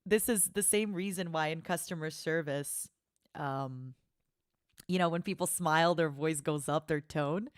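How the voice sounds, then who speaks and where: A woman's voice: low voice, unhurried, clean tone, no room sound, studio quality. A woman streamer chatting casually and gushing playfully as she reacts on a watchalong. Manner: gushing, playful, laughs often.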